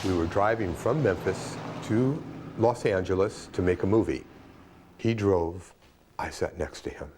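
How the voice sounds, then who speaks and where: A man's voice: deep voice, a little slow, a little mellow, slight background noise. An older man being interviewed, recounting a memory dramatically and acting out the quoted speech. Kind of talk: animated storytelling reminiscence.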